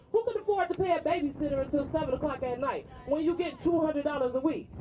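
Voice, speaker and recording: High-pitched woman ranting at a strike rally, indignant, dull lo-fi sound. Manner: indignant, emphatic, repeats phrases. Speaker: striking warehouse worker. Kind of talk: impassioned rally speech.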